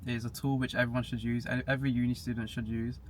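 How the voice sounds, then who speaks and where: A man's voice: mid-range voice, little pitch movement, fast talker. A young man chatting casually as a podcast guest, matter-of-fact and laughing at himself now and then. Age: young adult. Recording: faint background hiss.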